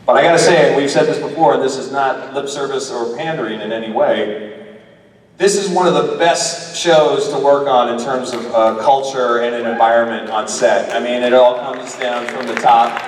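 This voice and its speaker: A man on a convention panel, an actor talking about his work in casual, animated, rambling chat full of restarts. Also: medium pitch, normal speed. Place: large convention hall with audience. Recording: echoey hall recorded from far off.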